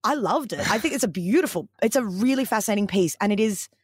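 A woman's voice: medium pitch, expressive, fast, slightly rough, no echo, clean studio sound. Playful woman on a podcast. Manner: playful, laughing, blunt. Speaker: podcast co-host. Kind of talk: casual podcast chat.

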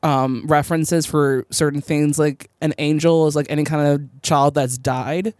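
A woman's voice: low-pitched, fairly even intonation, a little slow, a little mellow, dry recording, studio quality. A woman co-hosting a TV recap podcast in casual chat, rambling with many fillers and frequent laughs. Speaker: podcast co-host.

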